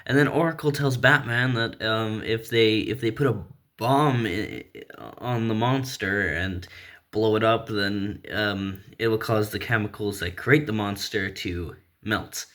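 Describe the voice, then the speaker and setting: A man's voice: fairly low pitch, measured pace, fairly bright tone. A man casually retelling a comic story, rambling with lots of fillers and small laughs. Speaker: comic recap vlogger.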